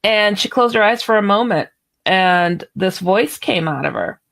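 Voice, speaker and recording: A woman guest author telling a story on a radio interview, animated and chatty, laughing now and then. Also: mid-range voice, a little slow, creaky.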